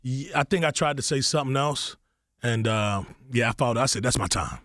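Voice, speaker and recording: Laid-back young comedian, dry studio sound. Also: male voice, fairly quick, a bit bright, no room sound. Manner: laid-back, storytelling, acts out quotes with rising pitch. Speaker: comedian guest. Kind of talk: casual radio interview chat.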